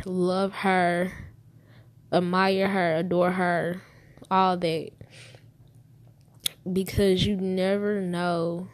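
Young woman in her 20s, talks real slow, close to tears, heartfelt personal story, keeps repeating herself. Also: fairly low pitch, dry recording. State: holding back tears.

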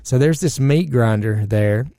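A man with a gravelly, low-rasped voice spins a long, profane story in casual conversation. His tone is dark and mellow, and the recording is dry and close with no room sound. He talks loosely, with plenty of fillers and side remarks. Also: a little slow, no echo.

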